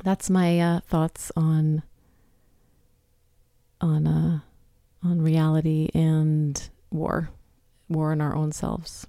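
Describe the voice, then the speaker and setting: A woman's voice: sits low, monotone, extremely slow, long pauses, warm tone, no echo, clean studio sound. A woman in her fifties hosting a solo podcast, talking in a chatty, candid, self-deprecating way. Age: 50s. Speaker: podcast host. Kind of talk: casual solo podcast talk.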